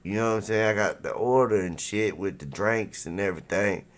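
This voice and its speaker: A man's voice: fairly low pitch, a little fast. A man hosting a livestream, telling a story in a casual, rambling way, full of swearing and "you know what I'm saying". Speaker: livestream host.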